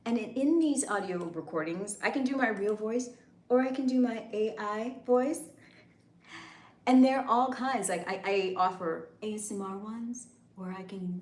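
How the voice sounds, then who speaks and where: A woman's voice: mid-range voice, unhurried, a little mellow, reverberant. Hyped, chatty woman livestream host. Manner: hyped, chatty, talks straight to viewers. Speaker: livestream host and content creator. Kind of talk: casual live chat.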